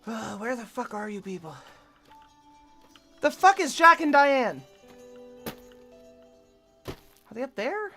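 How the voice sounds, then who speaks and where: A woman chatting through a game stream in a crude, joking way, often sighing. Her voice sits a little high, with faint music in the background. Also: big pitch swings, takes it slowly, pauses often, sharp tone. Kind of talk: casual gaming commentary.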